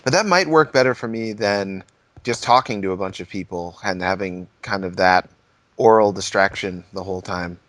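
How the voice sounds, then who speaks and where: A man at home telling rambling, animated stories in a casual podcast chat. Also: sits low, moderate pace, dry recording. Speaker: podcast co-host.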